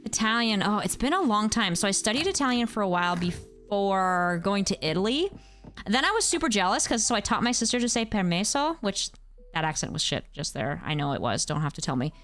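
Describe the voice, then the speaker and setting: A woman in her thirties from the United States, chatting casually with her viewers while she plays a game, with animated exclamations. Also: mid-range voice, fairly quick, faint music behind. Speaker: game streamer. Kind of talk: casual chat while gaming.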